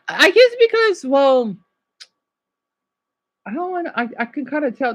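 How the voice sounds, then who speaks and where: A woman with an American accent, streaming and reacting to videos in a rambling, excitable chat with her viewers. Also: sits high, moderate pace.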